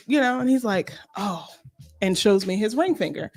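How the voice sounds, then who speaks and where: A woman tells a personal story on a talk show, animated and chatty. She acts out the dialogue in different voices, her pitch leaping up for emphasis. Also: moderate pace. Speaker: podcast co-host. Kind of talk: casual storytelling chat.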